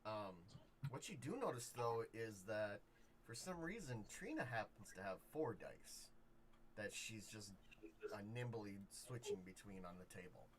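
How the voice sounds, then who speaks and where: A man runs a tabletop game as game master, and his somewhat low voice keeps a relaxed, loose narration going. There is faint noise behind him. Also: measured pace.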